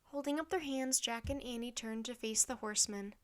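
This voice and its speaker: A woman reading a children's chapter book aloud in a steady, clear narration. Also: on the high side, fairly quick. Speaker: storybook narrator.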